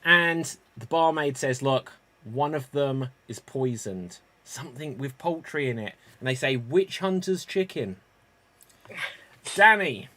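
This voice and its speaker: A man hosting an online improv game, briskly calling on players by name and telling jokes himself. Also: medium pitch, animated, sharp tone, no echo. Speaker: improv show host.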